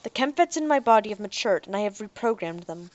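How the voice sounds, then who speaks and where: A woman's voice: mid-range voice, animated, fast talker, lo-fi sound, close to an everyday voice. A woman voicing a young man who turns from frightened and angry to commanding, in an audiobook. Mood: calm.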